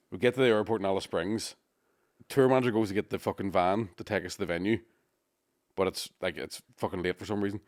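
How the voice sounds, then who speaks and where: A man telling a rowdy story in casual podcast chat, swearing constantly and shouting out the lines of the people in it. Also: on the low side, fast, no echo, studio quality. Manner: swears a lot, lively storytelling with shouted impressions. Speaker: comedian podcast co-host.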